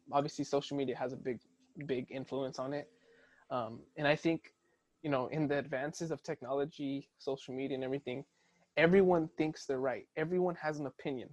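High-voiced rambling male podcaster. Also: darkish tone. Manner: rambling, many restarts, laughs at own jokes. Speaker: podcast co-host. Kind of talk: casual podcast chat.

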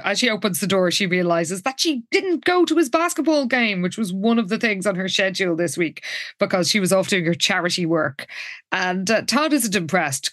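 A woman's voice: fairly low pitch, no echo, clean studio sound. A woman co-hosting a casual recap chat, wry and laughing often. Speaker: podcast co-host.

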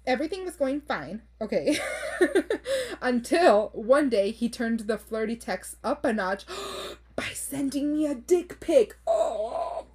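A woman's voice: on the high side, sing-song, takes it slowly, darkish tone, husky. A young woman hosting a podcast, reading listener stories aloud and reacting bluntly, swearing freely, laughing often and slipping into Spanish phrases. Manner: code-switches into Spanish phrases. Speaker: podcast host.

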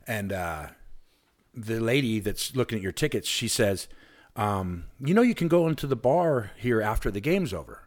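A man from Alaska, a podcast guest, telling a long, excited anecdote in casual chat and acting out the people in it. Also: fairly low pitch, moderate pace. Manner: excited, rambling anecdote with lively quoted voices.

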